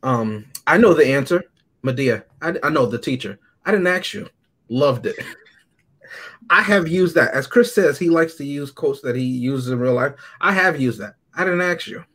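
A man's voice: mid-range voice, normal speed, breathy edge. A man co-hosting a casual movie review chat, joking and teasing his co-hosts and reading out favorite quotes. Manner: joking, teasing, deadpan asides. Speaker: podcast co-host.

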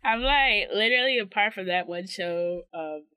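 A woman's voice: medium pitch, normal speed, sharp tone, clean tone, no room sound. A woman co-hosting a casual chat, easygoing, with short replies and frequent chuckles. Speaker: podcast co-host.

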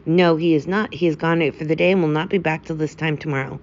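Figure: deferential male servant read by a woman. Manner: polite, subdued. Level: soft. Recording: slightly dull lo-fi audio. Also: sits low, steady tone, quick pace, a little hiss or hum.

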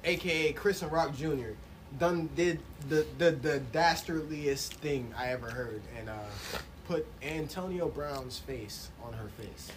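A man co-hosting a casual podcast, bantering loudly and laughing often, with plenty of swearing. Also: fairly high pitch, a little slow, noisy background. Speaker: podcast co-host. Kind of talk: casual chat.

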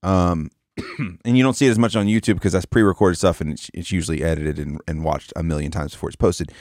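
A man with a very deep voice recorded close and dry, with no room sound at all. He co-hosts a loose, profane chat and jumps into quoted asides as he tells radio stories. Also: steady tone, fast, a little mellow, no echo. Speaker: podcast co-host, former radio host. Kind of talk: casual chat.

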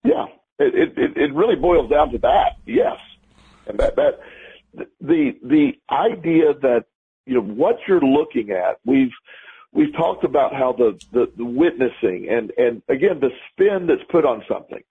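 A podcast co-host with a husky, mid-range voice speaks unhurriedly in a sing-song way. He tells a story during casual conversation, rambling and repeating words as he starts sentences, and the audio is lo-fi and phone-like.

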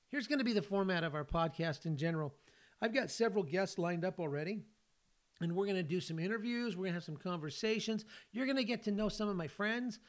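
An older man from California with a notably high voice hosts a faith podcast. He talks in an earnest, folksy, storytelling way. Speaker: podcast host and ministry leader. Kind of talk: faith podcast monologue with personal stories.

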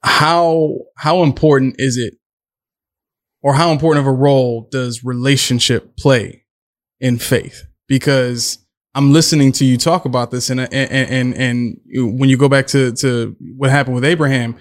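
A man's voice: mid-range voice, steady tone, unhurried. A man co-hosting a faith talk, asking thoughtful questions and stumbling over repeated words as he thinks aloud. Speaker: co-host. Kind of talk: casual faith discussion.

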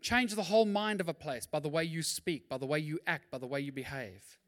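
A male pastor preaching a sermon in a lively, conversational way, with quick asides and acted-out quotes. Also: a little high.

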